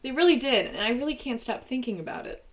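Animated young woman podcast host. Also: fairly high pitch, quick pace. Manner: animated storytelling, laughs often. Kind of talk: casual movie-review chat.

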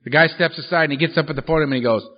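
A man's voice: a little high, very fast. A man giving a recovery workshop talk, telling his own story in a blunt, profane and humorous way, on a dull lo-fi recording. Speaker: workshop speaker at a recovery meeting.

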